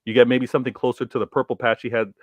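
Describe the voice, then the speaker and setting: Wry co-host with a dry, close sound. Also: male voice, mid-range voice, level tone, no echo, muffled recording. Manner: measured, wry, hedging rebuttals. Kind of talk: casual football debate.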